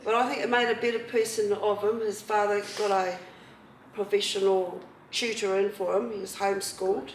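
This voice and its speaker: With a Kiwi accent and frequent laughter, a middle-aged woman chats animatedly through personal stories for a community audience at a marae meeting hall. Her pitch is medium and her pace moderate. The recording picks up some background noise and hall echo, with her voice far from the mic.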